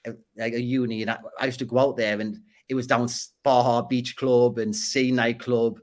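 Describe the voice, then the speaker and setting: A man's voice: medium pitch, level tone, moderate pace. A man with a Geordie accent, a podcast guest telling stories in casual conversation, repeating and restarting words as he goes. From Northeast England. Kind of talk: casual interview storytelling.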